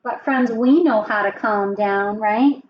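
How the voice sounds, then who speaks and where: A woman teacher giving a children's lesson, speaking gently and often checking in with a question. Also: mid-range voice, slow, highs cut off, a little hiss or hum. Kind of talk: children's lesson and storybook reading.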